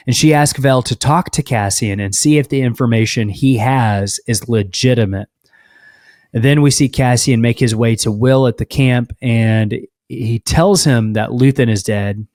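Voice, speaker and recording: A man's voice: medium pitch, dry recording. Man recapping plot over a dry mic. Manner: steady plot recapping with fillers. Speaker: podcast co-host. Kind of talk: casual recap chat.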